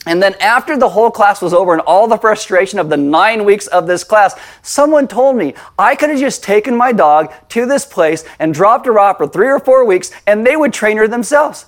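Animated male pastor preaching a sermon. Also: sits high, normal speed, hardly any pauses. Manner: storytelling with animated acted-out voices.

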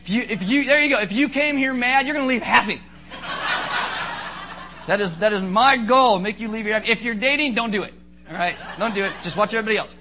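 A man preaching a sermon as pastor, joking and animated, acting out little asides for his congregation. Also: sits high, quick pace, noisy background.

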